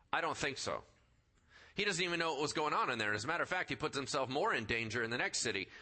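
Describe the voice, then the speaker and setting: A man preaching a sermon in a conversational, animated way, acting out the people in the story. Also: fairly high pitch, breathy edge. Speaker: pastor.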